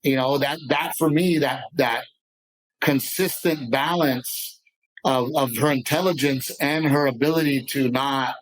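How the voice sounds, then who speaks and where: A man's voice: medium pitch, unhurried, low-quality recording. A man, a comedian guest in a casual podcast interview, talking passionately in rambling bursts. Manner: passionate, rambling, animated storyteller.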